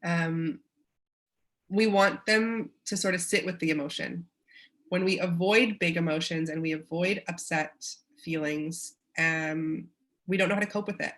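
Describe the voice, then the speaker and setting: A woman's voice: on the low side, moderate pace, fairly bright tone. A woman with a Canadian accent presents a parenting webinar in an encouraging way, acting out short quotes of parents and children.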